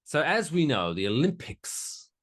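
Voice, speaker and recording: A man's voice: fairly high pitch, big pitch swings, measured pace, a bit bright, no room sound, studio quality. A man co-hosting a podcast in casual chat, ranting with plenty of swearing. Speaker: podcast co-host.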